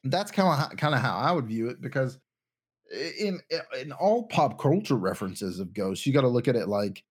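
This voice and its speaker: A man's voice: medium pitch, sing-song, moderate pace, husky. A young man co-hosting a casual podcast chat, rambling and thinking aloud with lots of restarts. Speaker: podcast co-host.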